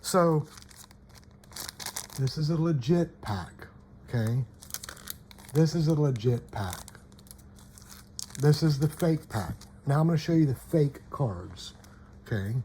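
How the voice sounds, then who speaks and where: A man speaks in an unhurried, mellow voice while he shows off cards at home. He keeps checking in with "okay?" and leaves sentences unfinished. A faint hiss sits behind him. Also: fairly high pitch, animated. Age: adult parent. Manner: repeats "okay?" and trails off mid-sentence. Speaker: collector showing trading cards. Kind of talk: casual show-and-tell.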